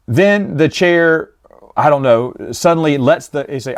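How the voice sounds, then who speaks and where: A man's voice: fairly high pitch, expressive, normal speed. Rambling, jokey man reviewing stories. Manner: rambling, jokey, exasperated asides. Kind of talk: casual review monologue.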